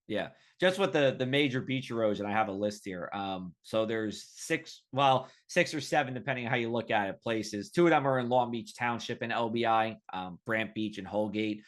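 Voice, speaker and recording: A man's voice: fairly low pitch, normal speed, hardly any pauses. Chatty New man hosting a podcast. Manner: chatty, rambling, filler-heavy. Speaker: podcast host. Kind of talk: casual weather podcast chat.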